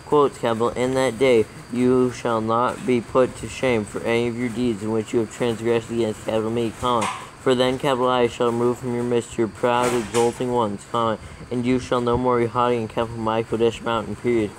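A man reading scripture aloud for proofreading, dictating every capital letter and comma in a steady, even way. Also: mid-range voice, fairly quick, few pauses, a little hiss or hum, poor audio. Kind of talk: dictating text with spoken punctuation.

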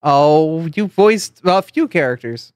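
A woman streamer hosting a relaxed live session and chatting loosely, often repeating herself as she goes. Her voice is recorded very dry, with no room sound at all. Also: low voice, takes it slowly, no echo. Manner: friendly, rambling with fillers and repeated words. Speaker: streamer and host. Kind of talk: casual live-stream chat.

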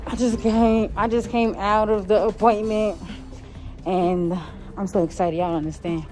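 A woman's voice: medium pitch, dark tone. Woman vlogger, chatty and direct with viewers, filmed on a phone outdoors with music over it. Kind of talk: casual vlog chat. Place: outdoors walking on a windy street.

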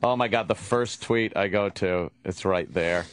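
A man's voice: on the low side, a little slow, clean tone. A man co-hosting a radio talk show, bantering casually and groaning dramatically at the mishap. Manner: groaning, exaggerated reactions.

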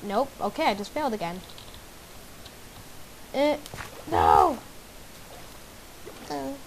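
A woman giving casual gameplay commentary, excitably guessing aloud and exclaiming at the game. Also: high-pitched, unhurried, gravelly, slight background noise, poor audio. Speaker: gamer. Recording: background game music. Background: game music.

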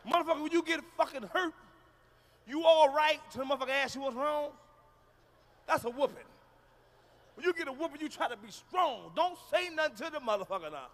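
A man performing a stand-up comedy routine on stage, loud and profane, shouting his punchlines. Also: very high-pitched, lively intonation, a little fast, long pauses. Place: large concert hall with audience. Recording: live hall recording with reverb.

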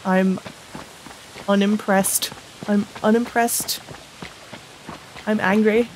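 A woman talks through a video game in casual commentary, indignant and cursing. Her voice sits at an ordinary middle pitch. A faint hiss runs under the recording. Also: fairly even intonation, slow pace, darkish tone, poor audio. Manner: upset, indignant, swearing. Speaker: let's play gamer.

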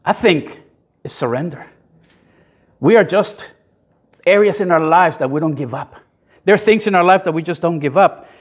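In a church sanctuary, a man with a fairly high, slightly rough voice preaches a sermon. His delivery is conversational and emphatic, with self-deprecating asides and pauses for the congregation's amens.

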